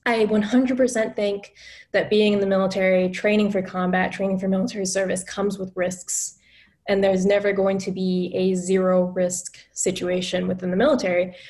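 A woman's voice: medium pitch, darkish tone. A woman reporter, a guest on a podcast, explaining her reporting in an assertive, conversational way. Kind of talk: casual interview talk.

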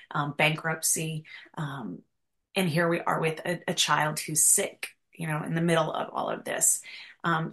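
A woman's voice: on the low side, fairly bright tone. A woman counselor telling her personal testimony in an interview, earnest and emotional, with many fillers. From United States. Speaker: counselor, guest.

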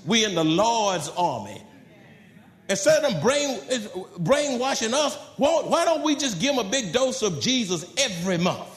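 A man preaching to his congregation in a high, animated voice that leaps and drops. He swings between loud, rising calls and quiet, low asides. The sound carries the echo of a big room. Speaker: pastor. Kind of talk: sermon.

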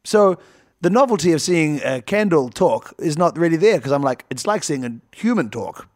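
A man's voice: a little high, lively intonation, moderate pace, no echo, clean studio sound. A man co-hosting a casual, comedic podcast chat, rambling through jokes and laughing often. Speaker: podcast co-host.

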